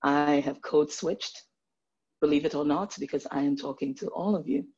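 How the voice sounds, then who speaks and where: Animated woman on a muffled video call. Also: sits low, normal speed, breathy edge. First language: Nigerian English background. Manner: animated, switches into playful put-on accents. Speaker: panelist, doctor. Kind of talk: online panel discussion.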